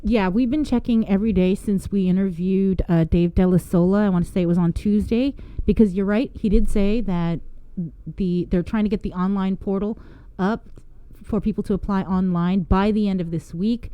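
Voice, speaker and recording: A woman's voice: mid-range voice, steady tone, normal speed, warm tone, clean tone, no room sound. A woman co-hosting a radio show, answering a caller hesitantly, thinking aloud with fillers. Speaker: radio co-host.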